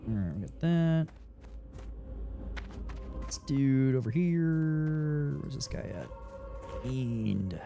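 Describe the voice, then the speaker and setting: A man's voice: mid-range voice, expressive, very slow, vocal fry, long pauses, mellow, soft background music. A man chatting casually while streaming a game, rambling and swearing freely, his throat dry. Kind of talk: casual gameplay commentary. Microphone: studio desk mic.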